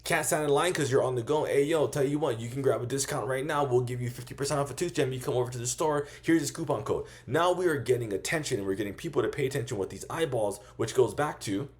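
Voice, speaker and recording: A man coaching small vendors in a loose, profane style, acting out quick sales pitches as he goes. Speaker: business coach. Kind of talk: casual instructional monologue.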